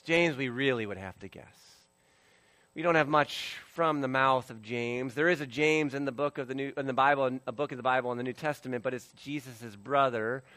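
A male preacher with a bright, forceful tone and a slightly raised voice. He delivers his sermon with big swings, driving some phrases loud and dropping others to a hush. The sound is close and dry, with no room around it. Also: on the high side, no echo. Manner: dynamic delivery swinging from loud emphasis to hushed near-whisper; acts out voices of biblical figures in quotes. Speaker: pastor.

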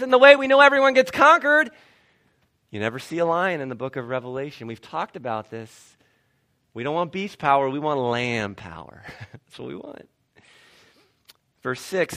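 A man preaching a sermon, animated, swinging between loud declarations and hushed asides, with short laughs and restarts. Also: a little high. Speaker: pastor.

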